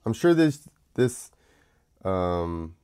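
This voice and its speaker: His low voice is warm and smooth, with a sing-song lilt and drawn-out words. The young man hosts his own show, ranting casually in a sarcastic, mocking monologue full of tangents.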